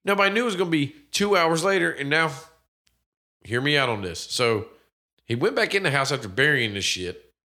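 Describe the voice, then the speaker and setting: A man riffing through a movie review with a friend, his voice bright and forward. He swears freely and animates every point. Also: fairly high pitch, brisk. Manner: animated, swears constantly, acts out quoted characters. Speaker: podcast co-host reviewing a movie. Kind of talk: casual profane chat.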